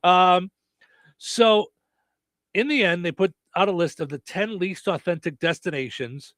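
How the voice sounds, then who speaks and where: A man's voice: high-pitched, a little slow, a bit bright, dry recording. A middle-aged man hosting a radio show, rambling easily through a list with chatty asides. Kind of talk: casual radio banter.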